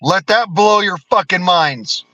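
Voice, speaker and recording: A man's voice: sits high, animated, unhurried, background noise. An American man delivering a profane, blunt political rant as a vlogger, cursing constantly and talking combatively.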